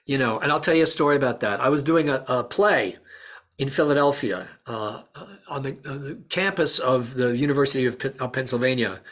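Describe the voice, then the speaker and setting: A man's voice: medium pitch, fairly quick. A man, an actor guest in an interview, telling anecdotes and acting out the voices of people he quotes. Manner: animated, acts out quoted voices. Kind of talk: storytelling interview answers.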